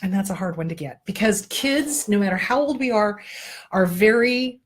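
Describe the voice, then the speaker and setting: A woman's voice: mid-range voice, lively intonation, moderate pace, slightly rough. A woman hosting an advice talk, speaking bluntly, swearing freely and telling jokes with little voices. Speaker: therapist and show host.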